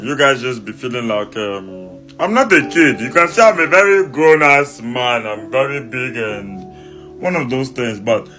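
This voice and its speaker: A man speaks to viewers in a halting, bantering manner. His voice is bright and forward, with soft guitar music playing beneath. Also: mid-range voice.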